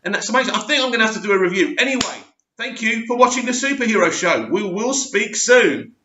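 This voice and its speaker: A man's voice: sits high, sing-song, fast, pushed and bright. Opinionated man ranting in an echoey room. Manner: opinionated, rambling, emphatic. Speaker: YouTube channel host. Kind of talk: casual opinion vlog. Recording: echoey room, dull lo-fi sound.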